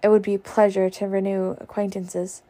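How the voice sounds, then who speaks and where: A woman voicing a courtly, mocking gentleman in a storybook reading, speaking with formal politeness. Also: medium pitch, flat delivery, normal speed, natural voice. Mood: mock-courteous. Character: smooth mocking gentleman blockade runner.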